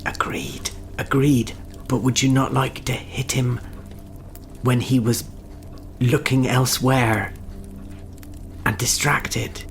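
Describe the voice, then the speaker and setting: A hesitant man playing a tabletop role-play game, stammering as he works out his moves. He speaks very slowly. Faint noise sits in the background. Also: mid-range voice, level tone. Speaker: player.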